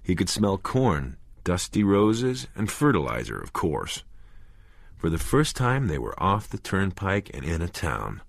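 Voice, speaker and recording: Male audiobook narrator, slow, lively delivery, dry close recording. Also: deep voice, gravelly, dry recording.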